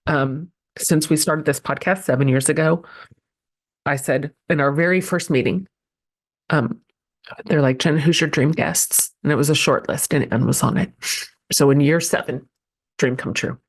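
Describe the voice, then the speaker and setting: Woman, podcast host, forties, low-pitched, gushing, emotional, halting restarts. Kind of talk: heartfelt guest introduction.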